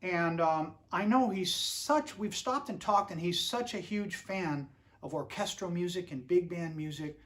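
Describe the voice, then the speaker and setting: A man lightly puts on an eager young woman who rambles as she talks. The voice lifts higher than his normal register. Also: a little slow, a bit bright.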